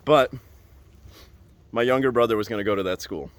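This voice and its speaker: A young adult man hosting a podcast, telling a story in a casual, animated way and repeating phrases for emphasis. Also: mid-range voice, fairly quick. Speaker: podcast host.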